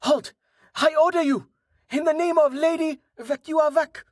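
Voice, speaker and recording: A man voicing a nervous male archer in an audiobook, barking shrill orders. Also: fairly even intonation, measured pace, darkish tone, no echo, clean studio sound.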